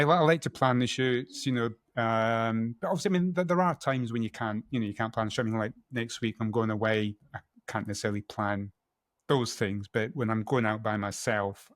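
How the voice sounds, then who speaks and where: A middle-aged man from Scotland speaks at a middling pitch, chatting as a guest and often stopping to correct himself with small laughs. The sound is dry and close. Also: no room sound. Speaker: guest photographer. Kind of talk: casual interview chat.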